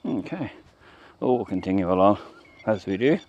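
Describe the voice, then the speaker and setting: An Australian man walks along a rural roadside, vlogging on a camera he carries and chatting off the cuff; he meanders and trails off mid-sentence. His voice sits on the low side, animated and darkish with vocal fry, at a moderate pace. The audio is lo-fi, with slight background noise.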